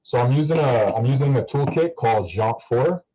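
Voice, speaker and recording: A man's voice: medium pitch, a little fast, mellow, highs cut off. A young man talking casually to a class over a video call, rambling with many fillers and restarts. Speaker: student guest speaker.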